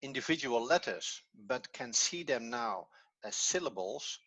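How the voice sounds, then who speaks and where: Slow, patient Dutch-accented man teacher. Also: medium pitch, lively intonation, sharp tone. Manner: patient, repeats words while explaining. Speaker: language teacher. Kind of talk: classroom lesson.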